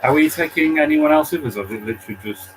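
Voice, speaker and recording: A man's voice: on the high side, racing, slight background noise, low-quality recording. A man playing in a tabletop role-playing game, casually asking questions and hesitating with uhs. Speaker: player.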